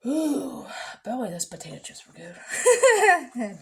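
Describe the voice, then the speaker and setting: A young massage therapist rambles casually in a vlog, chatty and animated. She acts out quotes and sometimes drops into a low mutter. She speaks a little slowly and pauses often.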